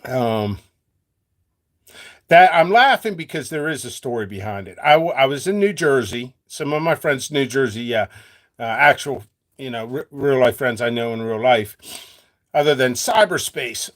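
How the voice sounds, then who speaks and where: A man's voice: mid-range voice, expressive, normal speed, fairly bright tone. A man hosting his channel as a seed seller, talking to viewers in a rambling, joking way and laughing often. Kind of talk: free-flowing casual talk to viewers.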